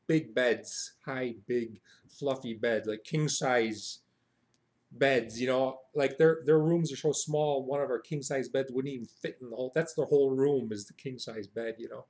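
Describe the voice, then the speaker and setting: A man's voice: a little high, a little mellow. An American man hosting a satirical phrase lesson in a chatty, mock-boastful way. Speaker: satirical video host.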